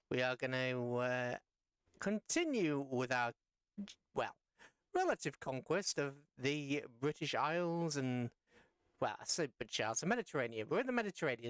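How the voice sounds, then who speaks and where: A tired man casually commenting as he plays a submarine game live, rambling and correcting himself with playful jumps in pitch. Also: sing-song, normal speed, fairly bright tone, smooth, no echo. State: tired after a long rough day. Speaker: streamer playing a submarine game.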